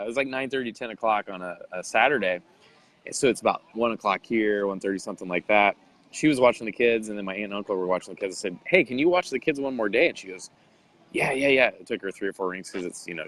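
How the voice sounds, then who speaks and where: A man's voice: lowish voice, steady tone, fast, a bit bright, poor audio. A man being interviewed, telling a story animatedly and acting out the voices of people he quotes. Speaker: interview guest, bodybuilder.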